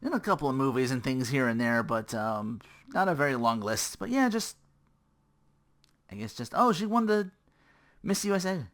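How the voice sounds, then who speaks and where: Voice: medium pitch, very animated, normal speed, pauses often. A reviewer giving casual reaction commentary over a show, chatty and riffing along with laughs.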